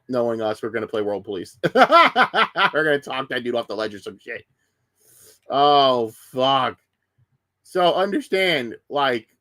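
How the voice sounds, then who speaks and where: Casting: a streamer guy in a heated, swearing rant, mid-pitched voice, dry close-mic sound. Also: a bit bright, no room sound. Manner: profane, heated, sarcastic. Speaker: streamer reacting to news. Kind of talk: casual ranting commentary.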